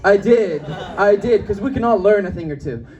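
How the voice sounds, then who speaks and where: A man's voice: high-pitched, lively intonation, normal speed, darkish tone, recorded from a distance, muffled recording. A young man doing a stand-up comedy set in a club. He talks in a brash way and jumps between voices to act out the people in his stories. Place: comedy club with live audience.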